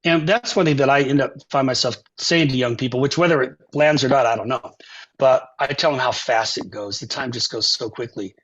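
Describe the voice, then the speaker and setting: The older male guest, a saxophonist and composer, talks fairly quickly in a mid-range voice as he shares stories during a conversational interview. He's animated, acting out quotes from the people in his tales and singing phrases. It's captured as dull, lo-fi podcast audio.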